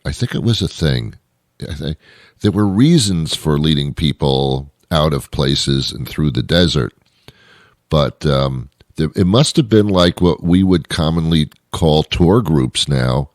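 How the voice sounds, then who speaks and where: This show host has a very deep voice, captured in a dry, clean studio recording. He wanders through a comedic monologue, tossing out wry asides and cutting himself off mid-thought.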